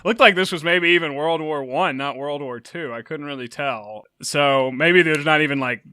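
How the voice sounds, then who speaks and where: A man's voice: a little high, moderate pace, pushed and bright, clear, resonant tone, dry recording, studio quality. A man co-hosting a casual movie podcast, blunt and self-deprecating, laughing often. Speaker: podcast co-host.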